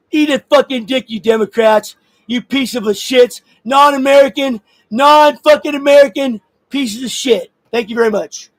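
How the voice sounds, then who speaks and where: A man with a strikingly high voice delivers a profane political rant, swinging between angry shouts and laughs. His voice sounds close and dry, with no room around it. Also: unhurried, dry recording, poor audio. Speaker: vlogger.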